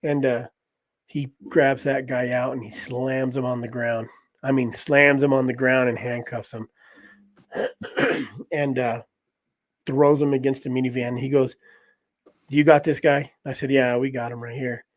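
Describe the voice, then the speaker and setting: A man's voice: medium pitch, measured pace, long pauses. A man telling a story in casual conversation, laughing often and acting out what people said. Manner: animated, laughs often, acts out voices in quotes. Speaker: podcast host telling a story.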